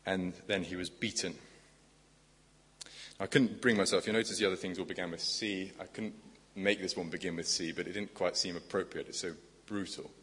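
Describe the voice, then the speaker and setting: A man preaches with a fairly low voice. He is earnest and conversational and keeps asking his listeners rhetorical questions. His voice carries a long, echoing church reverb. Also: steady tone, normal speed, fairly bright tone. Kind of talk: sermon.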